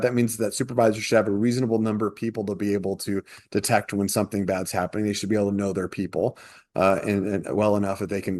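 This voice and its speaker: A man co-hosting a podcast from a shared office, talking through workplace problems in a casual, animated way on a headset mic. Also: fairly low pitch. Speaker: podcast co-host.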